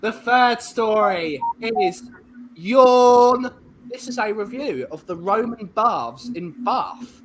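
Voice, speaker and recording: A woman's voice: mid-range voice, expressive, takes it slowly, hardly any pauses, slight background noise, poor audio. A woman hosting a casual talk show who reads reviews aloud and quizzes her guests in a chatty, teasing way. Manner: chatty, teasing quiz host. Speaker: podcast host.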